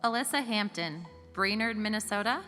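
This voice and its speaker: A woman emceeing a formal ceremony, reading out names and hometowns slowly and evenly. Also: medium pitch, lively intonation, sharp tone. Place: large auditorium. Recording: reverberant hall with faint music.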